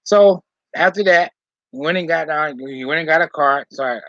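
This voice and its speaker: With a fairly high, fairly bright voice at a moderate pace, a man recounts something that happened to him, rambling and sprinkling in "all right?" and "okay?" He grows heated as he retells it, and the lo-fi recording sounds dull, with no echo.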